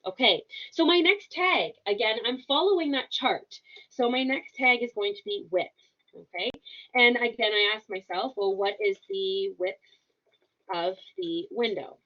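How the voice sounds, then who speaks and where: Upbeat woman teaching software, slightly dull audio. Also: mid-range voice, unhurried. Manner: upbeat, instructive, frequent "okay?" check-ins. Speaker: software tutorial instructor. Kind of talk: screen-share tutorial narration.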